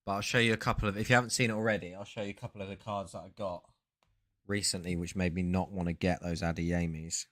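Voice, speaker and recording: A man's voice: low-pitched, steady tone, fast talker, fairly bright tone. A man hosting a casual live stream, chatting loosely and breaking off mid-sentence to ramble through stories. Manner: rambling, self-interrupting storyteller. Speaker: sports card streamer.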